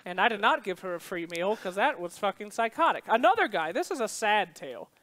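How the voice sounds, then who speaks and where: A woman's voice: mid-range voice, sing-song, brisk, a bit bright. A woman on an esports panel, telling a funny work story in a playful, giggly way. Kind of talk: casual chat.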